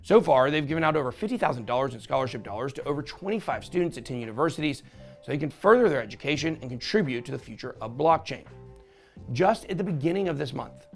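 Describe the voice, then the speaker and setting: Upbeat man pitching over music. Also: animated, fast. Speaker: crypto channel host. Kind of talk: sponsored product review.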